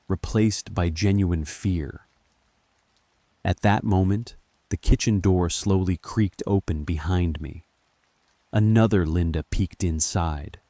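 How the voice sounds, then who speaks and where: Deep slow man telling a horror story. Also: no room sound. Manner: calm, measured first-person telling. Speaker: narrator. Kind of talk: scripted horror story narration.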